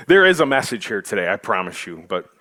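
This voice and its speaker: Male preacher, lively swinging pitch, humorous, chatty, in a church. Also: no room sound. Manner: joking, animated, conversational with many fillers. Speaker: pastor. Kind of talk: sermon.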